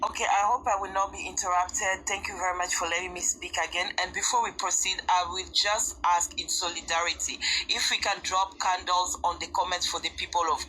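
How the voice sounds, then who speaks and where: A woman's voice: mid-range voice, bright, forceful tone, slight background noise, low-quality recording. A woman on a debate panel, speaking with impassioned, emphatic force and piling up repeated questions. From Congo.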